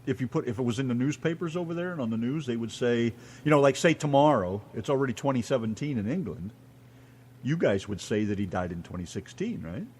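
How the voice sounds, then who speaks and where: A man's voice: medium pitch, lively intonation, a little fast, darkish tone, a little hiss or hum. A man with an American accent co-hosting a casual radio show, joking and teasing his co-host.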